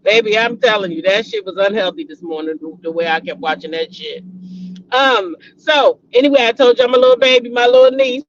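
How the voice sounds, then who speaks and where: A woman's voice: fairly high pitch, fairly quick, lo-fi sound. A woman hosting a casual gossip vlog, laughing a lot and cursing freely as she talks. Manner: laughing, profane, excitable. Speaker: host.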